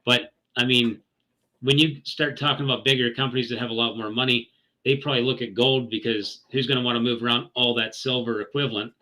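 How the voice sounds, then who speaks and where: A man's voice: medium pitch, fairly even intonation, a little fast, pushed and bright, poor audio. A man co-hosting a live trading stream, thinking aloud in a loose, hesitant way. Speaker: stream co-host reading comments. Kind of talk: casual livestream chat.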